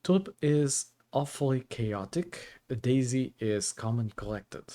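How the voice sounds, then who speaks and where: A man's voice: medium pitch, lively intonation, measured pace, mellow. A man hosting a livestream in casual chat, joking and easygoing. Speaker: livestream host.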